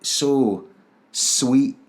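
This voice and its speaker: A man's voice: medium pitch, extremely slow. A man telling his personal story in an interview, earnest and emotional, often stopping to repeat and restart his words. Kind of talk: personal testimony.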